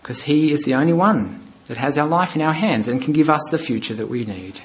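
A man preaching a sermon with earnest emphasis, then leading a soft, quiet prayer. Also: on the high side, a little fast, low-quality recording. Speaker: pastor.

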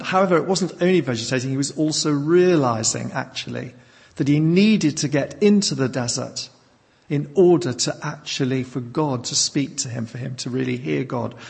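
A man delivering a measured, emphatic sermon, stressing single words to drive each point home. His slightly high voice carries a gravelly edge. The sound rings with the long reverb of a church hall. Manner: measured, emphatic teaching with pauses. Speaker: preacher.

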